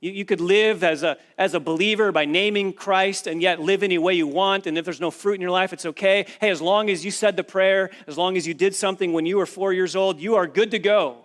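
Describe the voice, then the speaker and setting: Man, pastor, sermon, emphatic, repetitive phrasing, somewhat high pitch. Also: fairly even intonation, brisk, few pauses, a bit bright. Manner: earnest, emphatic preaching with repeated phrases.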